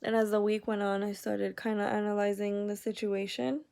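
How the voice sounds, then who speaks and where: Flat, gravelly young woman vlogger. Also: medium pitch, moderate pace. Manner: rambling, heavy use of "like", candid and upset. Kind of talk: casual personal vlog story.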